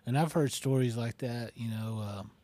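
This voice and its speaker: A man co-hosting a podcast, explaining old tribal beliefs in a relaxed, loose way with many fillers. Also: medium pitch, normal speed, dry recording. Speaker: podcast co-host. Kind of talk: casual chat.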